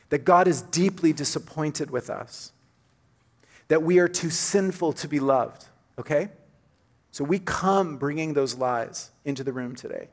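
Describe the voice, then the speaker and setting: Man preaching in a church. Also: a little high. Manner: earnest, conversational preaching, softens when quoting scripture. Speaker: pastor. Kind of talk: sermon.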